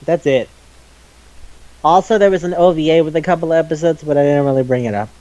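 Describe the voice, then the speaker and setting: A man's voice: on the high side, fast talker, warm tone, no echo. A man with a slightly raised voice chats eagerly about an anime he loves, rambling between thoughts and laughing along the way. The recording is dry and close with a muffled, lo-fi edge. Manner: enthusiastic, rambling, laughs often, acts out scenes. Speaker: podcast co-host. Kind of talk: casual anime review chat.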